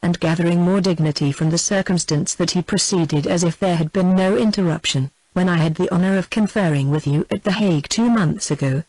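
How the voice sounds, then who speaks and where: A reader voicing a calm, dignified gentleman conspirator who speaks slowly and quietly in a storybook. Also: mid-range voice, no room sound, natural voice, rough recording. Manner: calm, almost apathetic delivery. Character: calm, dignified male plotter, quietly blunt.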